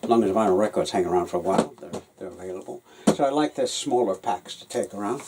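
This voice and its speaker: A puppeteer telling stories about his work in a relaxed, hesitant way, with many fillers and restarts. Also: lowish voice, quick pace, background noise. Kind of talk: anecdotal storytelling.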